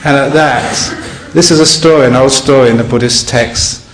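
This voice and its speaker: A man, a Buddhist monk, giving a dharma talk to a live audience with relaxed storytelling and wry humor. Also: medium pitch, normal speed. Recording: echoey hall, faint ambience.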